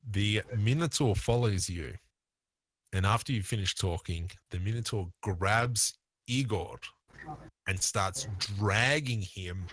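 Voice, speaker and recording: Man, Australian accent, game master, slow, bright. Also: lowish voice, no echo. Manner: relaxed, laughing, thinking aloud. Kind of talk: narrating a tabletop game.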